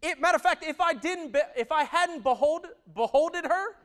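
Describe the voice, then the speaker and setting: A man in his thirties preaching a sermon, who moves from loud, emphatic stretches to hushed, intimate ones. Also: very high-pitched, moderate pace. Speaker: pastor.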